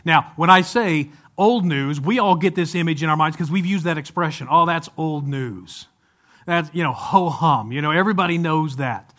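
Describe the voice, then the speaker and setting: A man delivers a Sunday sermon in a high voice. He talks loosely and conversationally. He keeps turning to the congregation with rhetorical questions. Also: fairly quick, few pauses, a bit bright. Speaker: pastor.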